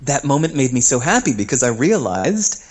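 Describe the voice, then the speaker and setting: Animated storytelling man. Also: moderate pace, slightly rough. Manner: animated, acts out quoted voices with rising pitch and laughs. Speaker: guest. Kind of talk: storytelling interview.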